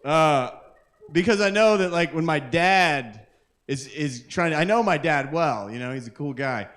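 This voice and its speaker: A man's voice: on the high side, expressive, unhurried, fairly bright tone. Rambling man doing crude stand-up. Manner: rambling, self-interrupting, crude jokes to the crowd. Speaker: comedian and open mic host. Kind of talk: live stand-up comedy. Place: live open mic at a kava bar.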